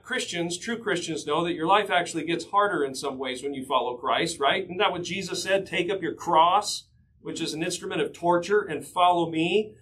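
Male pastor, higher voice, earnest and emphatic sermon delivery. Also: fairly bright tone, low-quality recording. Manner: earnest, emphatic teaching with scripture quotes.

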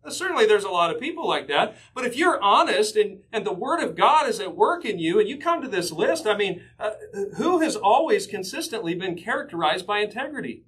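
Male pastor, higher voice, earnest and emphatic sermon delivery. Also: sing-song, a little fast, hardly any pauses, fairly bright tone, poor audio. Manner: earnest, emphatic teaching with scripture quotes.

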